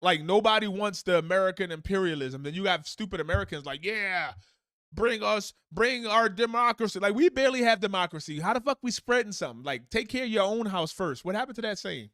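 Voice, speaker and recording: Man, high voice, dry sound, live-stream host, profane heated rambling commentary. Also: fast, hardly any pauses, dry recording. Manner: profane, animated, rambling with restarts. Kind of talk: casual heated reaction commentary.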